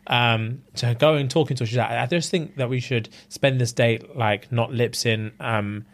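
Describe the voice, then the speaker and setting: A man, co-hosting a casual podcast and telling a story in an animated way, full of slang and laughter. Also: medium pitch, moderate pace. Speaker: podcast co-host. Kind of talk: casual chat.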